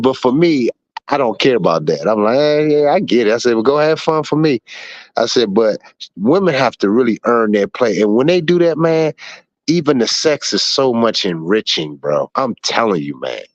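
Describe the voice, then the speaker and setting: A man's voice: medium pitch, big pitch swings, normal speed, no echo. Host, 40s male, blunt, profane storyteller, dry dull sound, casual chat. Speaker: show host.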